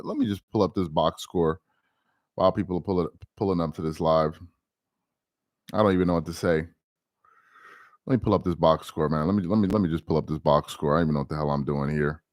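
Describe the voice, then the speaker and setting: An irritated man chats on a live stream. He keeps repeating himself and mutters while he looks for something. His voice sits a little low and sounds close and dry. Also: no room sound. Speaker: livestream host. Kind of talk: casual live stream chat.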